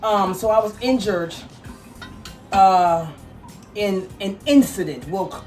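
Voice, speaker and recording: A woman's voice: medium pitch, takes it slowly, a little mellow, distant mic, soft background music. A woman with a mix of Brooklyn and Southern accent, chatting casually on camera at home while showing her fashion pieces. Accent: mixed Brooklyn and Southern. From New York. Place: home kitchen.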